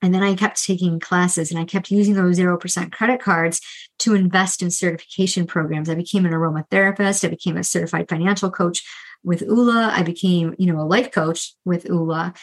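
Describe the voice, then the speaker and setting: A middle-aged financial coach speaks candidly and earnestly in a solo podcast monologue about her own past with debt, restarting often and tossing in quick asides. Her voice is lowish, and the recording is low quality.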